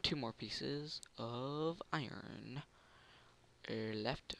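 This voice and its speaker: A man's voice: medium pitch, slow, creaky, bright, forceful tone. A man giving casual commentary over a video game, muttering to himself, humming little tunes and bursting into gloating. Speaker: gameplay commentator.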